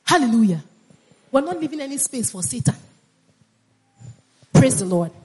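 A woman's voice: sits high, sing-song, normal speed, darkish tone, breathy edge. A woman preaching a sermon with fervor, repeating phrases and calling on the congregation to answer back. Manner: fervent, repeats phrases, calls on congregation to respond.

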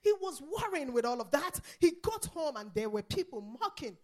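A woman preaches in a very high, piercing voice. She moves from quiet, intimate passages to fervent shouts. Between phrases she breaks into tongues. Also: sing-song, moderate pace. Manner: impassioned, swings from hushed to shouting. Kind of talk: sermon.

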